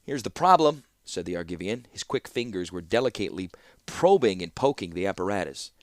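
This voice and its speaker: A man narrating a fantasy audiobook in an expressive storytelling manner. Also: sits low, fairly quick, no echo, studio quality.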